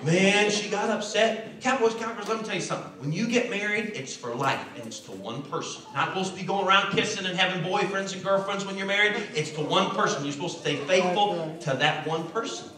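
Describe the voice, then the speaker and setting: A man, telling a Bible story to children in an animated, folksy way. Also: high voice, brisk, hardly any pauses. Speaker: children's Bible school preacher. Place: church hall. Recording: echoey room from a distance.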